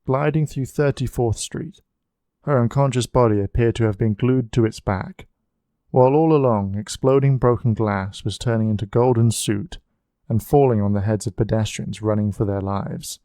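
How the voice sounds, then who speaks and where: A man narrates an audiobook at a mid pitch, in an even and measured reading. The sound is dry and close-miked. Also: no room sound. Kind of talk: scripted narration.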